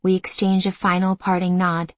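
A woman narrating a first-person audiobook in an intimate, emotional, measured way. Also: lowish voice, completely flat delivery, no room sound.

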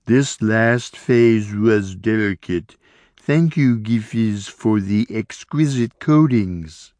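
An eager young alien woman, as a male narrator puts her on, raised a little in pitch and pressing her words forward. She explains earnestly, with a lively, rising lilt, dry and close. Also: takes it slowly, no echo. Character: young long-necked alien female craftsman, eager.

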